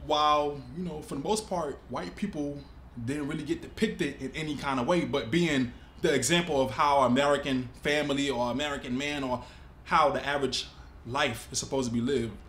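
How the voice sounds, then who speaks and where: Animated man reacting in an echoey room. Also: mid-range voice, moderate pace, a little hiss or hum. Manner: animated, emphatic, casual vernacular. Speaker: host. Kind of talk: reaction video commentary. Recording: echoey room with faint ambience.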